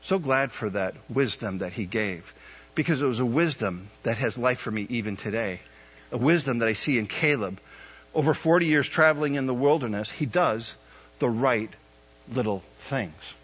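A male pastor in his fifties delivers a sermon, his husky voice climbing into loud, emphatic peaks as he questions his listeners. The recording is dull and muffled, with the top end rolled off. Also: medium pitch, animated, moderate pace. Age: 50s. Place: church service. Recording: dull lo-fi sound.

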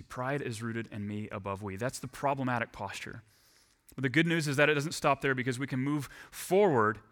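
A man preaching a sermon as a pastor, telling lively personal stories to make his points. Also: medium pitch. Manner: lively storytelling with personal anecdotes.

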